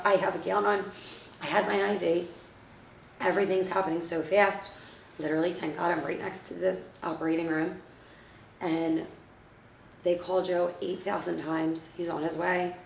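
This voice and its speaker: Woman, 30s, low gravelly voice, emotional personal story with acted-out quotes, roomy distant mic. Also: little pitch movement, moderate pace, a little hiss or hum. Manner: acts out others' words, often drops to a hushed near-whisper. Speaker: interviewee, mother of premature twins.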